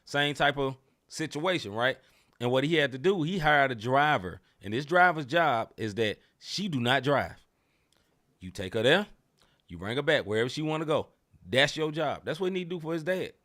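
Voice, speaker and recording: Man, podcast co-host, animated and emphatic, mid-pitched voice. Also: moderate pace. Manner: animated, emphatic, slangy, repeats phrases. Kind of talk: casual sports talk.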